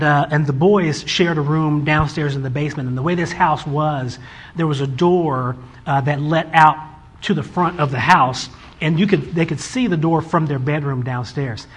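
Husky man telling a family story. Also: a little high. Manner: animated, acts out his children's voices in quotes. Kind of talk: casual storytelling.

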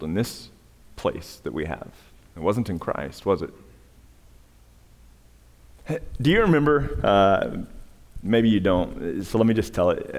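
A male pastor preaching a sermon, his voice climbing in emphatic peaks and dropping to a hush when he tells stories. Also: sits low. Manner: preaching with rising emphatic peaks and hushed storytelling. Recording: long reverb of a large hall.

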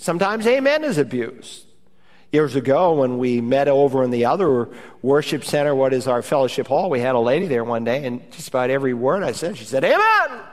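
A male pastor preaching a sermon in an animated way, often raising his voice for quoted hallelujahs and amens. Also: on the high side. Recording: reverberant church hall.

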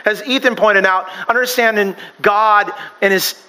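A man's voice: high voice, fairly even intonation, measured pace, sharp tone, clean tone, rough recording. A pastor preaching a sermon in a chatty way, with joking asides and personal stories, often stumbling and restarting his sentences. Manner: conversational, joking asides and self-deprecating stories.

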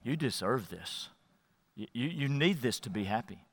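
A man voicing a sly, tempting male devil in a low, hushed murmur during a sermon. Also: expressive, normal speed, big-room sound. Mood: sly, coaxing.

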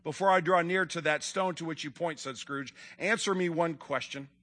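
A man's voice: fairly high pitch, normal speed, fairly bright tone. A man reading aloud as a frightened old miser, pleading and urgent in a dramatic reading. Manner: desperate, begging, raised and urgent.

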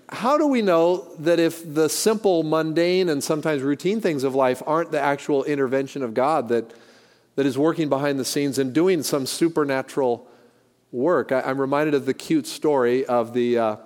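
Pastor preaching in a reverberant hall. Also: male voice, mid-range voice, a little mellow. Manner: folksy, joking storytelling with frequent restarts. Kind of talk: sermon.

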